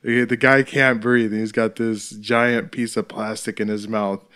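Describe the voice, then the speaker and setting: A man's voice: on the low side, flat delivery, a little slow, a bit bright, clean tone. A man in his thirties, the show host, giving casual, joking fight commentary with lots of swearing and laughter. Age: 30s. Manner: joking, profane, laughs often.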